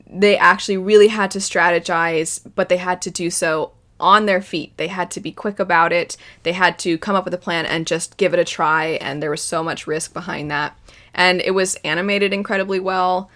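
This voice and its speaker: A young woman hosting an anime reaction channel, talking casually and animatedly, bursting into loud exasperated outbursts. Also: lowish voice, steady tone, normal speed. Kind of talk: casual spoken commentary.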